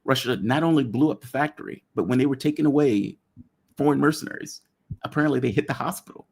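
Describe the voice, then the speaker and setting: Gravelly blunt male show host. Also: medium pitch. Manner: blunt, joking, quick asides. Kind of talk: casual political talk.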